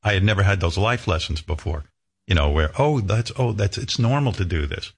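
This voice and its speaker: A man's voice: low voice, expressive, a little fast, breathy edge. A man in his sixties, a radio host, talking candidly and emotionally, rambling with many restarts. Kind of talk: candid talk-show conversation.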